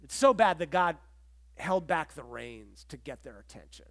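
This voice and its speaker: A man's voice: a little high, animated, moderate pace, fairly bright tone. A middle-aged man preaching a sermon as pastor, telling stories in a conversational way and acting out the quotes. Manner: conversational storytelling, acts out quotes.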